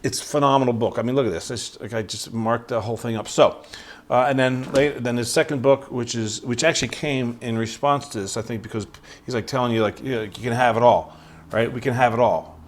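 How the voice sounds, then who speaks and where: A man's voice: medium pitch, steady tone, brisk. Male podcast host, mid-range voice, eager and chatty, loose conversational delivery. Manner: enthusiastic, chatty, many fillers. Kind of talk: casual podcast interview.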